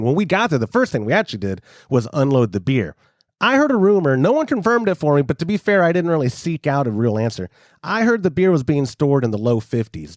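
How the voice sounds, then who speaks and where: Man, podcast co-host, animated and rambling, self-mocking; dry close sound. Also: a little high, dry recording. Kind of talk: casual chat.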